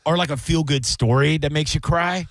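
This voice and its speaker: A man hosting a radio aftershow in casual chat, animated and laughing, acting out quotes in put-on voices. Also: a little high, moderate pace, creaky, no room sound. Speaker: radio host.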